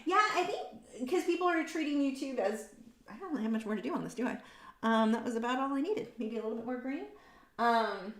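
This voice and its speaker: A woman's voice: a little high, a little fast. A woman artist chatting candidly and rambling while she paints live, frank and opinionated, with lots of ums and likes. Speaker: artist hosting a painting livestream. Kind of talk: casual chat while painting. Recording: roomy echo.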